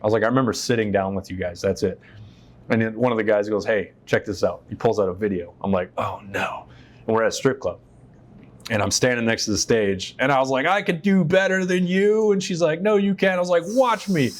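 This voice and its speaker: A man with a fairly low voice tells personal stories as an interview guest, candid and casual. He swears freely and jumps into the voices of the people he quotes. He was recorded on a stage inside a shop. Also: quick pace.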